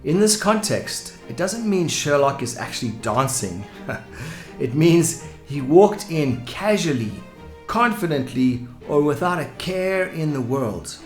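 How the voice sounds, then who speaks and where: Male English teacher, clear explanations, echoey room, faint music behind. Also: a little high, very animated, measured pace. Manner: clear, explanatory, with example sentences.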